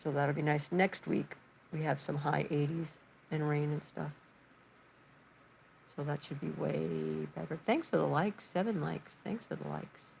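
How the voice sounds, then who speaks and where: Livestream host, woman, low gravelly voice, rambling chatty storyteller in her living room. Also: steady tone, a little slow, darkish tone, a little hiss or hum, poor audio. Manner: reads chat messages aloud. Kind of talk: casual livestream chat.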